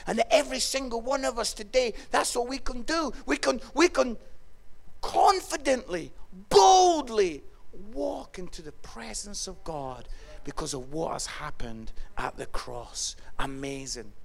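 A Scottish man preaching a sermon and telling stories, moving from hushed tones to loud exclamations. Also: sits high, unhurried. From Scotland. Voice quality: gravelly, swings from hushed to shouting. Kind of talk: sermon with personal storytelling.

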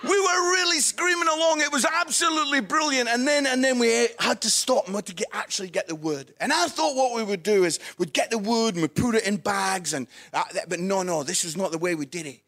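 A man preaching a sermon, telling a funny story in an animated, playful way and laughing at his own jokes. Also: very high voice, brisk, hardly any pauses.

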